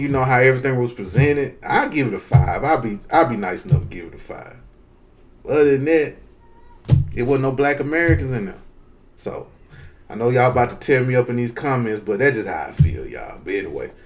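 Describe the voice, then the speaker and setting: Southern guy venting his opinions to the camera, loose and cussing, mid pitch. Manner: loose, conversational, profane, addresses viewers as y'all. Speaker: vlogger giving opinions. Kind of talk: casual opinion rant.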